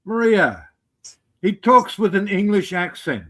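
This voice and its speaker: A man's voice: high-pitched, very animated, unhurried, pushed and bright. A man co-hosting a casual live-stream chat, teasing and joking with wry asides.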